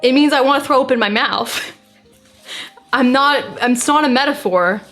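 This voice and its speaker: A woman's voice: sits high, a bit bright, soft background music. A young American woman streamer reading viewer messages aloud in a blunt, exasperated way. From United States. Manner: blunt and exasperated, quick to deny.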